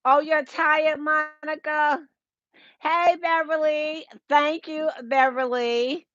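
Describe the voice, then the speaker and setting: A woman's voice: sits high, steady tone, takes it slowly, fairly bright tone, no echo. Woman, chatty livestream host, greets viewers, earpiece mic, muffled dry sound. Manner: chatty, greets viewers by name, laughs often. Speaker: home decor livestream host. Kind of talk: casual livestream chat. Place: at home. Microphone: Bluetooth earpiece.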